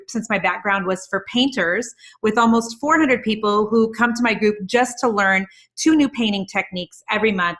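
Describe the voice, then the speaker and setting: Her mid-range voice a bit bright, a woman entrepreneur speaks as a guest in a casual video-call interview. She's emphatic and rapid-fire, listing one example after another.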